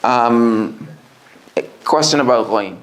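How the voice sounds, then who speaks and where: A man teaching a Quran reading class, drawing out letter sounds slowly and then asking the students quick questions. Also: medium pitch, slight background noise. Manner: slow drawn-out letter drills, quick classroom asides. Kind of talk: classroom lesson with drills.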